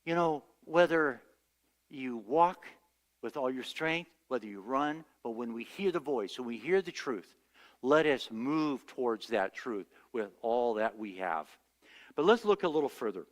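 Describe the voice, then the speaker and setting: An American pastor delivers a sermon in a large hall, a church sanctuary, weaving stories and performing the voices of those he quotes. His medium-pitched delivery is expressive and a little slow.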